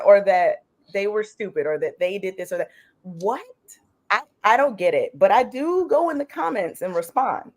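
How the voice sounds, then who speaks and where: A woman co-hosting a casual podcast chat, talking in an animated, questioning way and saying "like" often. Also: medium pitch, moderate pace. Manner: animated, questioning, many likes. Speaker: co-host.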